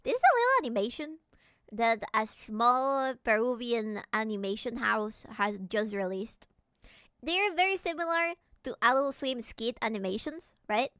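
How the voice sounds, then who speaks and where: A woman from Peru streaming a casual reaction chat, animated and giggly as she translates and explains. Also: a little high, a little slow, clear, resonant tone, no room sound, studio quality.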